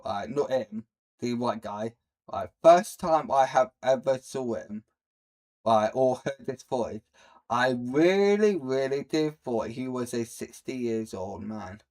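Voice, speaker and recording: Young guy ranting over a vid, blunt, rambly, goes loud then mumbly. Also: mid-range voice, expressive, slow pace. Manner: rambling, blunt, swings between loud outbursts and mutters. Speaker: streamer reacting to a video. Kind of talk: casual reaction commentary.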